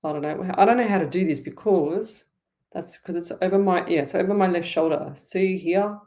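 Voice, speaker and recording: A woman's voice: fairly low pitch, normal speed, warm tone. A woman with an Australian accent hosting a live online psychic reading show, chatty and rambling, talking straight to her viewers. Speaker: psychic medium host.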